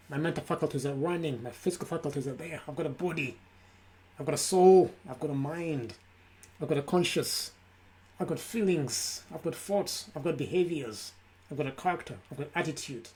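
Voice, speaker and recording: A man's voice: a little high, a little mellow. Emphatic man giving a mindfulness pep talk. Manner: emphatic, repetitive lists. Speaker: self-help speaker. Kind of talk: live motivational talk. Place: his room. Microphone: camera.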